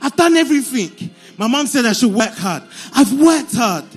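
An actor playing an overworked, self-pitying husband in a church stage drama. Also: male voice, very high-pitched, sing-song, normal speed, husky, faint music behind, full character voice. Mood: lamenting. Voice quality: pleading, whiny.

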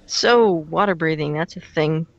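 A man's voice: a little high, moderate pace, creaky, a bit bright, no room sound. A man co-hosting a gaming podcast, chatting casually while playing and laughing often. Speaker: podcast co-host and player. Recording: dull lo-fi podcast audio.

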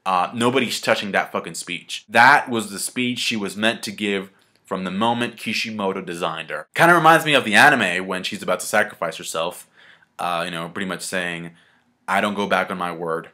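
A man giving a casual manga review, excited and slangy, swearing freely and talking the chapter through. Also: deep voice, a little fast.

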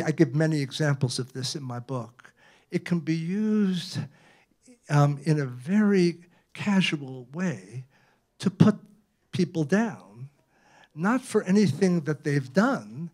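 With a warm, slightly high voice, an elderly author from Brooklyn speaks slowly yet animatedly at a library event, sharing anecdotes in a conversational style. In his eighties, he often checks in with the audience and tags many phrases with "right?".

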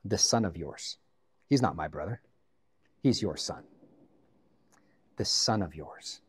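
A man's voice: low voice, animated, takes it slowly, husky, pitched below the performer's own voice, exaggerated voice. A man voicing a resentful, dutiful elder son who complains bitterly to his father.

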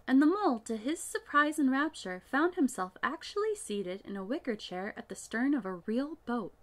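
Woman reading a storybook out loud, bright voice, lots of lilt, gentle pace. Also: fairly high pitch, animated, moderate pace, hardly any pauses. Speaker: narrator. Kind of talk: storybook audiobook narration.

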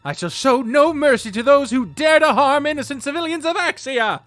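A man voicing a fierce, righteous female knight, loud and formal in her declarations. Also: extremely high pitch, animated, moderate pace, dry recording, faint music behind, voice pushed up. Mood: furious.

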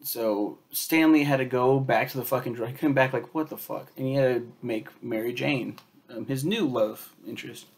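A man reviewing a superhero film in a loose, rambling way, swearing often and filling pauses with um and like. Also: medium pitch. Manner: rambling, profane, lots of fillers and quoted asides.

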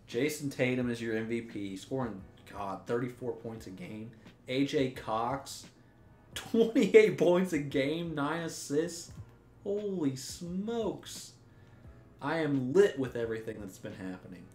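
A man's voice: medium pitch, lively intonation, slow, darkish tone. A young man giving gameplay commentary, ranting in exasperation, swearing and restarting his sentences. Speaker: gaming YouTuber. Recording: roomy echo with faint music.

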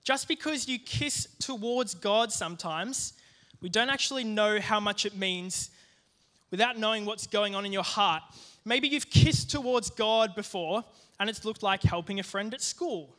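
A young man giving a youth sermon, telling a personal story in a lively, joking way with plenty of asides. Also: sits high, measured pace. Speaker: youth group speaker.

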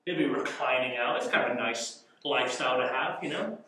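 A young man leading a youth Bible study, teaching in an animated way with rhetorical questions and frequent chuckles. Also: mid-range voice, a little fast. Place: church youth room. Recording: echoey room, mic far off.

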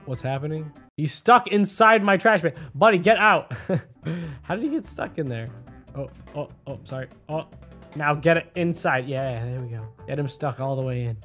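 A man doing casual gameplay commentary, chatty and excitable, often talking to the character on screen. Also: mid-range voice, normal speed, soft background music. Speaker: gaming video host. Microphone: desk microphone.

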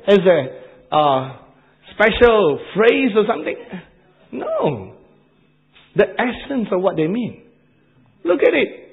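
A man with an Asian accent preaching a sermon, animated and repetitive, laughing at his own jokes. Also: high voice, measured pace, long pauses, highs cut off.

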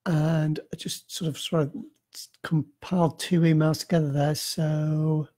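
A man's voice: on the high side, little pitch movement, a little slow, warm tone. A man chatting casually on a live stream, answering readers' emails in a rambling, self-deprecating way with lots of fillers and restarts. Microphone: computer mic on a live stream.

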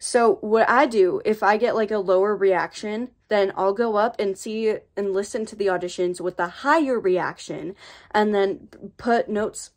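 A woman's voice: medium pitch, unhurried. An American woman hosting a casual voice acting tutorial vlog, talking in a chatty, rambling and playfully sassy way into her own microphone.

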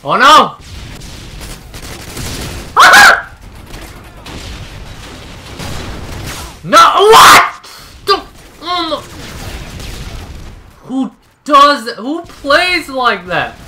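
A man giving live commentary on his own gameplay, ranting, yelling and sarcastically griping at teammates. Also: very high voice, sing-song, drawn-out words, long pauses. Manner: raging, yelling outbursts at teammates.

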